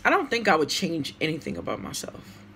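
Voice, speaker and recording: A woman's voice: low voice, huge pitch swings, brisk, bright, forceful tone, a little hiss or hum. Emotional, outspoken woman vlogger. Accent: Brooklyn, New York. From United States. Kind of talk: casual talk to camera, answering a tag.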